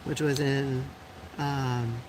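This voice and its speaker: An extremely low-pitched woman's voice with flat delivery and drawn-out words, heard over a noisy background. She's in her forties, from Puerto Rico, and hosts a live stream where she talks casually with viewers, bluntly answering comments, using lots of fillers, and laughing often.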